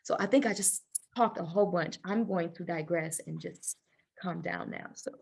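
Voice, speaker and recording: Panelist, woman, lowish voice, passionate and rambly, video call audio. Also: moderate pace, gravelly, breathy edge. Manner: fervent, rambling with many fillers. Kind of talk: impassioned casual talk.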